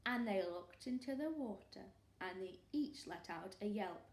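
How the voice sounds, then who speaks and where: A woman teacher reading a storybook aloud to children in an expressive, animated way. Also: mid-range voice, measured pace. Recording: roomy echo.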